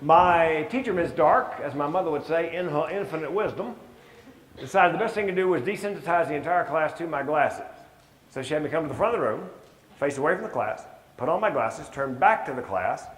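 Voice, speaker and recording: A man's voice: fairly high pitch, lively intonation, a little fast, slight background noise. Wry older man in an echoey hall. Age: 60s. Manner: conversational, wry, acts out quoted voices. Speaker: stand-up comedian giving a talk. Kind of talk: storytelling talk with slides. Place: large hall with audience. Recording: echoey hall with long reverb.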